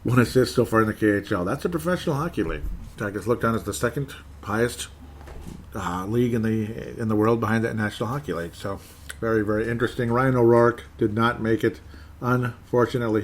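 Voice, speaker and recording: A man's voice: lowish voice, slight background noise. A man hosting a solo hockey talk show, rambling through player stats with frequent chuckles and self-corrections. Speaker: hockey podcast host. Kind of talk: solo casual commentary on team prospects.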